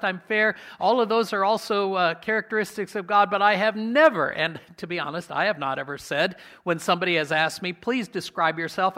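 A man preaching a sermon in a conversational way, asking his congregation questions and slowing down to stress key words. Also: high-pitched, bright, forceful tone. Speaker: pastor.

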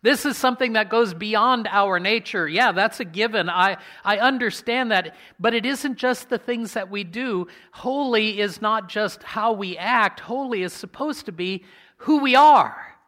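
A man preaching a sermon in a conversational way, asking his congregation questions and slowing down to stress key words. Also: sits high, pushed and bright. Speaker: pastor.

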